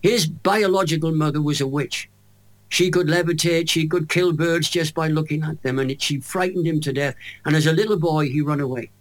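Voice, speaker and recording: A Welsh man in his eighties, a guest in an interview, telling a faith story with lively storytelling. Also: on the high side, brisk. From Wales. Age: 80s. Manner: animated storyteller acting out quoted voices.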